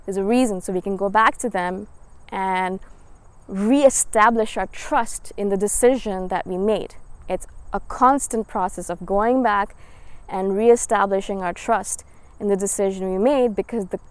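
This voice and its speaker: A woman's voice: mid-range voice, unhurried, clean tone, no echo. A woman in her thirties talking to camera in a casual, encouraging vlog monologue. She repeats her points over and over and urges listeners to return to their reasons. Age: 30s. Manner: earnest, repetitive, encouraging, acts out quoted voices. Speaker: spiritual vlogger.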